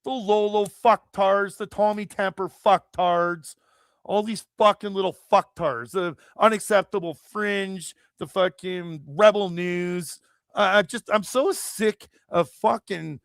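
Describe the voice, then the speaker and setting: A man's voice: high voice, slow pace, gravelly, dry recording, clean studio sound. A man from Canada hosting a live chat stream, delivering a profane, heated, rambling political rant. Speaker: livestream host.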